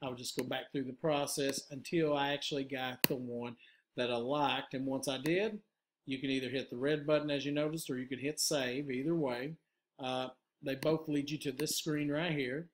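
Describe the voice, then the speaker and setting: A man who is a teacher, giving a patient step-by-step software tutorial to his students, with frequent "uh" fillers. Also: medium pitch, fairly even intonation, normal speed, slight background noise. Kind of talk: screen-recorded software tutorial.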